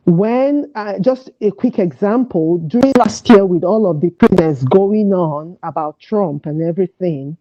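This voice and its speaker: A woman calling in to a talk show, earnestly giving advice with pauses and restarts. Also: lowish voice, mellow, no echo. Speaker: caller. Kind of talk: call-in advice chat. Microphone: phone call. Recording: dull, lo-fi call audio, dry.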